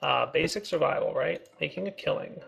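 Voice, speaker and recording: An upbeat, teasing man chatting through gameplay in a fairly high voice. His voice is husky with a lot of gravelly fry. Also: a little fast, fairly bright tone. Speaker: co-host of a game video series. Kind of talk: casual gameplay chat.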